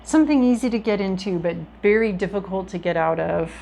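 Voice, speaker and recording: A woman's voice: mid-range voice, a little fast, vocal fry, dark tone, slight background noise, low-quality recording. A woman giving a casual tarot reading to her viewers, talking in a chatty, reflective way with frequent ums and restarts. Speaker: tarot reader.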